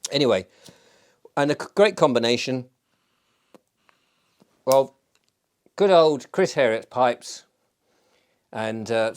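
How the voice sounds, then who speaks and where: Rambling Englishman chatting over his pipe. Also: mid-range voice. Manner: rambling, self-mocking, digressive. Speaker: show host. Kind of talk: casual solo chat.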